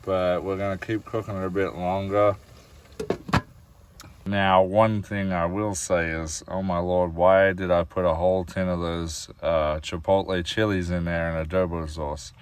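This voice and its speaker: Inside his camper van, a deep-voiced Australian van-life vlogger makes a casual cooking video at a measured pace, his pitch barely moving. He rambles chattily with plenty of fillers and calls his viewers "guys," over a slight hiss or hum.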